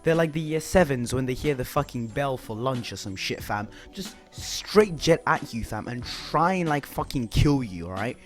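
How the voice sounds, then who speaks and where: A man's voice: mid-range voice, animated, moderate pace, few pauses, faint music behind. A young man ranting in a YouTube commentary video, swearing often and using lots of filler words.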